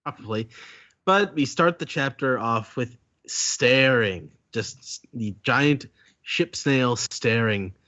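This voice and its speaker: A man co-hosting a podcast, recapping a manga chapter in a relaxed, halting way. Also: mid-range voice, no room sound, dull audio. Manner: relaxed, halting storytelling with fillers. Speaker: podcast co-host.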